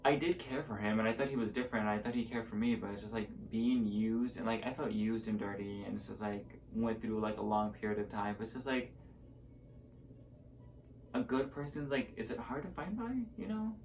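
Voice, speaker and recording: A man's voice: on the low side, brisk, darkish tone, distant mic, a little hiss or hum, rough recording. A young man telling a story to a camera at home in a rambling, casual way, full of fillers, and acting out both sides of each conversation. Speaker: vlogger.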